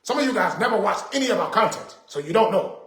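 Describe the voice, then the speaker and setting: A man's voice: high-pitched, expressive, fast, a bit bright, roomy sound. A man hosting a casual livestream, talking to viewers in an emphatic, repetitive, indignant way. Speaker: livestream host.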